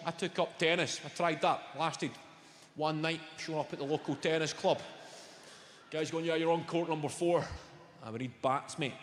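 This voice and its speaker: A man's voice: on the high side, steady tone, moderate pace, very noisy. A middle-aged Scottish man doing a stand-up comedy set, sweary and punchy, bantering with the crowd. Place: large theatre stage. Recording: echoey live theatre with long reverb. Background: loud audience laughter.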